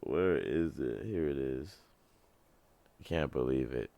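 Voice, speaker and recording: A man's voice: a bass voice, animated, takes it slowly, vocal fry, dark tone. A man in his thirties hosting a solo podcast, rambling and joking in a loose, profane way. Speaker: podcast host. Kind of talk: casual solo rant.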